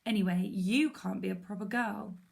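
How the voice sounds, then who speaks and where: A woman's voice: medium pitch, fairly even intonation, moderate pace, creaky. A woman voicing a small, touchy young male barn owl chick who asks earnest, indignant questions.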